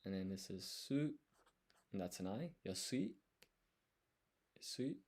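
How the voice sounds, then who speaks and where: A man's voice: fairly low pitch, expressive, unhurried, darkish tone, a little hiss or hum. A man studying on a livestream, thinking aloud and explaining each step as he writes. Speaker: language learner.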